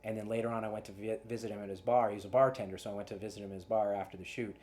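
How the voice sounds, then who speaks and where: Guy casting director giving audition tips, lowish voice, earnest, keeps restarting his words. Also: steady tone, racing, darkish tone.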